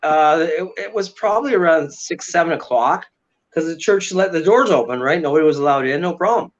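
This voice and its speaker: A man telling a dramatic story in an animated way during a casual interview, often asking "right?". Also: a little high, fairly quick, dull audio. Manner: excitable, dramatic retelling with frequent "right?". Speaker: paranormal investigator guest.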